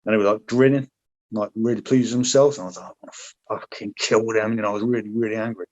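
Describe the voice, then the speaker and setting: A man's voice: lowish voice, fairly even intonation, very fast, a little mellow, dull audio. A man, a former paratrooper, chatting frankly as a podcast guest, rambling and swearing freely. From Britain. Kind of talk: casual interview chat.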